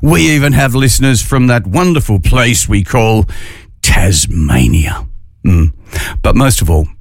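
Chatty Australian radio host, dry sound. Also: male voice, medium pitch, no echo. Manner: chatty, jokey, drawn-out phrasing. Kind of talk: casual morning radio chat.

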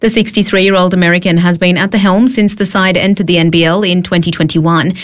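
A woman reading radio news bulletins in a measured, formal way. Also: on the low side, fairly even intonation. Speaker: newsreader.

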